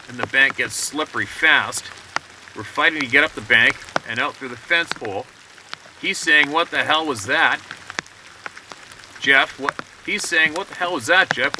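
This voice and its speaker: A man reading a viewer's encounter story aloud outdoors by a river, stumbling and restarting mid-sentence. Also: medium pitch. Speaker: host reading a viewer's email. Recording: outdoor clip with loud rain noise.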